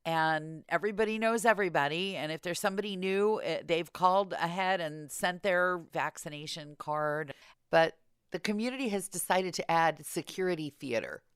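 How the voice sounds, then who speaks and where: A woman hosting a podcast in casual chat, telling stories in an animated, exasperated way. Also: fairly low pitch, normal speed, clean tone, no echo, studio quality. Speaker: podcast host.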